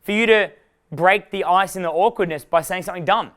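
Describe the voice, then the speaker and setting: Young male dating coach, raised voice, clean smooth tone, rambling and swearing, chuckles at himself. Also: sits high, brisk, fairly bright tone. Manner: rambling, profane, laughs at his own jokes. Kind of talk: live workshop talk.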